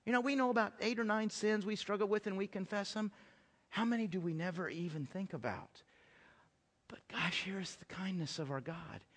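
High-voiced middle-aged pastor preaching in a reverberant church. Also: male voice, brisk. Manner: swings between loud emphatic lines and hushed soft ones; repeats phrases and asks the congregation questions. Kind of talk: sermon. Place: church sanctuary.

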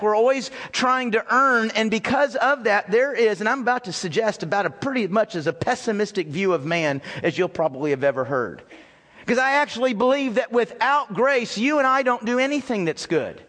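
A man's voice: high-pitched, expressive, moderate pace, fairly bright tone. A man preaching a sermon as pastor in a church, earnest and repetitive, often calling his listeners folks. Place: church sanctuary with chairs. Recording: long hall reverb.

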